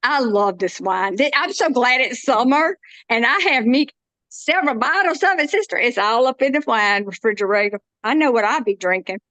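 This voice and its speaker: Lady chatting through a cooking demo, kinda high voice, dry close sound. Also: expressive, normal speed, pushed and bright, dry recording. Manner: chatty, folksy, self-interrupting. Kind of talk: casual cooking demonstration.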